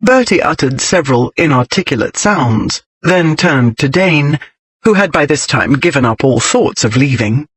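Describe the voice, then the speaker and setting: Guy reading an audiobook, lively up-and-down voice, a bit husky, dry close sound. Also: on the high side, no room sound, poor audio. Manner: expressive, measured storytelling. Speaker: audiobook narrator. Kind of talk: scripted narration.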